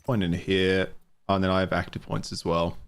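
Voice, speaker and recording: A man's voice: sits low, little pitch movement, brisk, clear, resonant tone. A man with a mild Australian accent streaming a video game, chatting casually, thinking aloud and laughing easily. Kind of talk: casual live-stream commentary.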